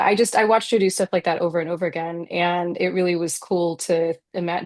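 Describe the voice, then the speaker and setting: A woman's voice: lowish voice, darkish tone, no echo. A woman novelist as a guest in an interview, talking in an earnest, reflective way and peppering her speech with "like.". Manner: earnest and reflective, many "like" fillers. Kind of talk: casual interview conversation.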